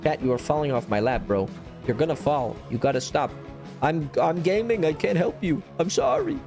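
A man hosting a gaming channel, giving live gameplay commentary at home with a cat on his lap. He is hyper and excitable, jumps from squeals to low mutters, and teases himself playfully as he plays. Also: normal speed, music in the background. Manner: playful self-teasing chatter.

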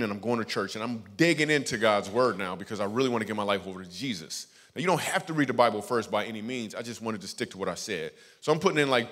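A man doing stand-up storytelling as a guest comedian, lively, acting out the voices of people in his stories. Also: lowish voice. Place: church stage before a live audience. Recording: echoey church hall.

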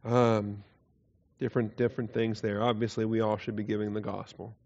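A man's voice: on the low side, level tone, normal speed. Man teaching a hesitant Bible class. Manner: conversational, hesitant fillers, quiet chuckles, quizzes the class. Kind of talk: doctrine class lecture with questions. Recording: dull lo-fi class recording.

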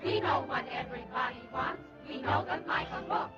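Actresses playing a bubbly chorus of waitresses singing their lines. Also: female voice, high-pitched, moderate pace, close to an everyday voice. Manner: sing-song, lively. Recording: dull old film soundtrack with loud music.

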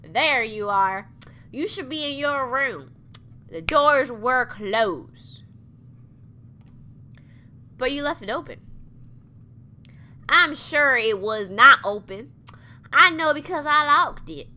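A woman's voice: high voice, big pitch swings, measured pace, bright, forceful tone, full character voice. A woman voicing a stern adult male hospital orderly who scolds in a bossy way.

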